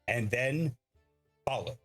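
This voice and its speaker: A man playing a tabletop game, describing his character's actions in a halting way, searching for words. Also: mid-range voice, animated, a bit bright, faint music behind. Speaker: player.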